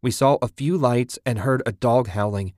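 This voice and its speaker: A male narrator voicing a groggy, dismissive husband who grumbles gruffly in a spoken story. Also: mid-range voice, moderate pace, a little mellow, no room sound, clean studio sound, pitched above the performer's own voice, natural voice. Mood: grumbling. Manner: gruff, grumbling, matter-of-fact.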